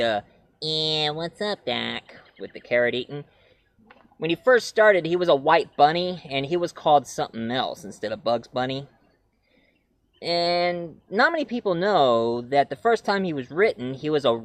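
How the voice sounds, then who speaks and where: A man with a fairly high voice reviews classic cartoons in a rambling, casual way, using frequent fillers and breaking into cartoon voices. The recording is dry.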